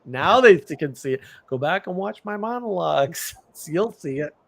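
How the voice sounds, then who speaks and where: A man's voice: on the high side, moderate pace, gravelly, no echo. A man hosting a livestream, telling stories in casual chat and acting out incredulous reactions. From United States. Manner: animated, mimics others with incredulous outbursts. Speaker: livestream host.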